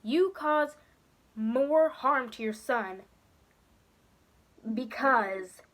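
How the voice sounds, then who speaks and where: Brief: young female vlogger, emphatic and exasperated, fairly high voice, repeats lines for punch. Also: animated, very slow, fairly bright tone. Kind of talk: casual vlog rant about a film.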